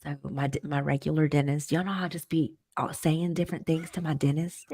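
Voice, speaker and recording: A woman's voice: sits low, a little fast, husky. A woman co-hosting a casual web show, telling funny stories and acting out what people said. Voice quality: animated storyteller who acts out quotes. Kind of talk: casual chat.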